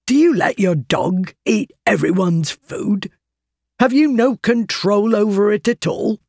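A narrator voicing a cold, hungry, angry man who grumbles and stammers with outrage, pushed higher and louder than the narration. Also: animated, measured pace, creaky, breathy edge, no echo, clean studio sound, exaggerated voice.

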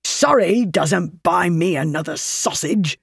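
A narrator voicing a cold, hungry, angry man who grumbles and stammers with outrage, pushed higher and louder than the narration. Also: lively intonation, slow pace, gravelly, slightly rough, dry recording, clean studio sound, heavily acted.

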